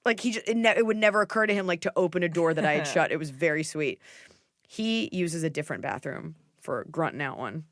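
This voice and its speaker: A middle-aged woman hosting a podcast, giving blunt, jokey advice in a casual, animated way. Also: low-pitched, brisk, dry recording, studio quality. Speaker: podcast host.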